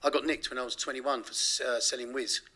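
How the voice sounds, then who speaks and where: A man's voice: mid-range voice, fairly even intonation, quick pace, pushed and bright. A man telling his story in an interview, rambling with frequent restarts and corrections. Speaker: interview guest.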